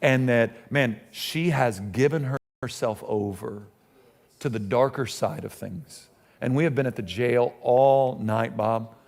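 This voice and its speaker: A middle-aged man, a pastor telling a story in a sermon in a conversational, animated way with frequent restarts. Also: mid-range voice, measured pace, gravelly.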